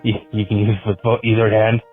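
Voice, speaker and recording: A man leaving a halting voicemail full of pauses and ums. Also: on the low side, flat delivery, soft background music. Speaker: caller. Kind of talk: voicemail message. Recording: tinny phone voicemail.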